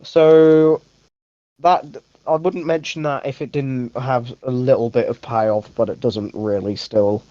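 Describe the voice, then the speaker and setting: A man's voice: mid-range voice, steady tone, a little slow, dry recording. A young man chats through a film review in a loose, rambling way, often stopping to correct himself and dropping the odd swear word. His voice sits mid-range, and the recording is dull and lo-fi, with a very dry, close sound. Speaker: podcast host. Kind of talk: casual movie review chat.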